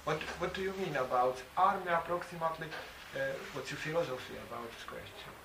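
A man from the audience, a native German speaker, asking a question in halting English. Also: on the high side, expressive. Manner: halting, searches for words. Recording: echoey room, distant mic, noisy ambience.

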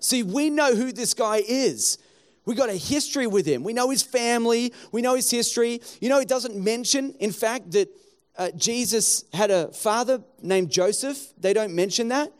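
A man's voice: extremely high pitch, normal speed. A man, preaching a sermon as pastor and acting out the townspeople he quotes.

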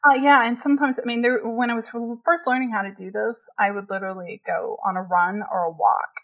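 A woman talks in a relaxed, conversational way and laughs easily between her thoughts. She fills her sentences with "like" and "you know," and her voice sits at a middle pitch. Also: fairly quick, muffled recording. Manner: chatty, laughs often, many fillers. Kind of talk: casual chat.

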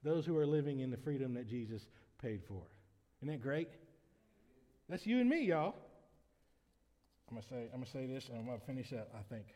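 A man preaching a sermon as pastor, shifting between quiet conversational asides and loud, emphatic preaching. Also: mid-range voice, lively intonation, brisk, long pauses. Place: church sanctuary. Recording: long reverb of a church hall.

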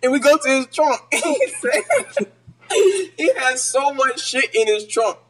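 With a high, bright voice and a measured pace, a young podcast co-host tells a story in casual chat. He's an animated storyteller who swears freely and acts out quotes.

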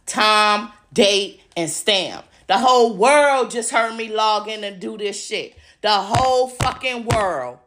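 A woman hosting a podcast rants angrily over music, her voice a little high and a little slow, with hardly any pauses. She swears heavily and mocks her opponents again and again, repeating her insults in a furious monologue.

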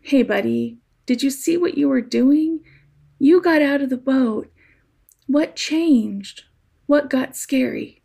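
A woman voicing a kind, gently teasing man as she retells a scripture story, tender and encouraging. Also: a little high, fairly even intonation, slow, creaky, hardly any pauses.

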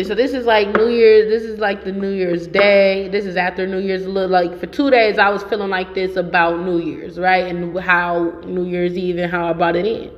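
A young woman hosts a podcast in a loose, profane, emphatic monologue that keeps circling back on itself. Her voice sits at a medium pitch. The recording sounds muffled and carries a long reverberant tail. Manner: profane, rambling, emphatic storytelling. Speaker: podcast host. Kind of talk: casual monologue.

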